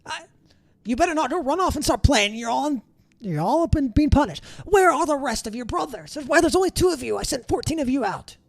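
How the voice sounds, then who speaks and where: A man voicing a short, fussy male beetroot guard captain who scolds and fusses in a high voice. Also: animated, brisk, creaky, no echo, clean studio sound, full character voice. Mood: flustered. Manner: high-pitched, flustered, scolding.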